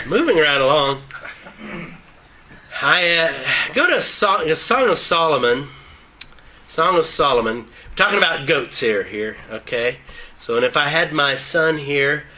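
Older man, preacher, folksy Bible teaching, jokey, bright forceful voice, loose dentures. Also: mid-range voice, slight background noise, poor audio. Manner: folksy and joking, with reading of scripture.

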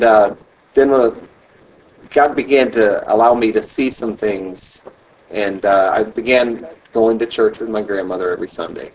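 Husky man, earnest testimony, distant mic. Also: mid-range voice, a little mellow, highs cut off. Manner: earnest, halting, repeats himself. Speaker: speaker sharing his testimony. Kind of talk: personal faith testimony.

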